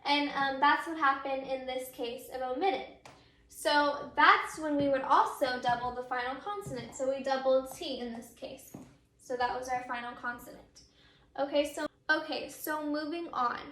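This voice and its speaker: Bright-voiced, high woman teacher. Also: reverberant. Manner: patient, repeats and models words slowly. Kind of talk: grammar lesson.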